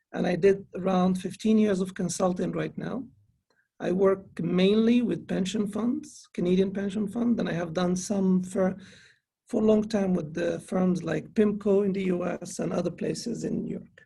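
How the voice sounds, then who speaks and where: Husky gravelly-voiced male finance professor. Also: high voice, moderate pace, mellow. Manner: earnest lecturing with frequent restarts. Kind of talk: conference presentation. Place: online conference.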